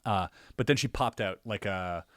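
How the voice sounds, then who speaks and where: A man in a casual podcast conversation, telling a personal story in an animated way, acting out his own reactions with lots of filler words. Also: fairly low pitch, moderate pace, no room sound, studio quality. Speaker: podcast guest or co-host.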